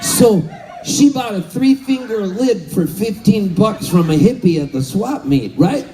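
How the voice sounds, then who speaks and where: A man in his fifties from Southern California, telling a story on stage between songs, animated and laughing, calling out to the crowd. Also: sits high, a little slow, low-quality recording. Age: 50s. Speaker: musician. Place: live concert stage.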